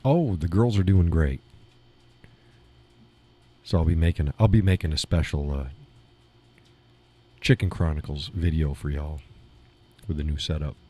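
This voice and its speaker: A live show host with a deep, mellow, slightly husky voice chats casually on his stream from a small home studio. He speaks a little slowly with long pauses, drifting between thoughts and often chuckling.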